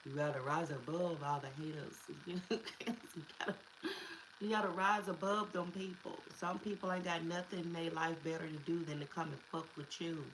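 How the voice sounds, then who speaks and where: A woman's voice: low-pitched, a bit bright, slight background noise, rough recording. A woman giving a casual spiritual tarot reading, emphatic and repetitive, slipping into slang and curses. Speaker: tarot reader.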